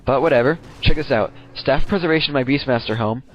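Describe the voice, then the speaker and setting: A man's voice: mid-range voice, a little fast, muffled recording. A young man casually commenting on his own game replay, rambling, slangy and profane.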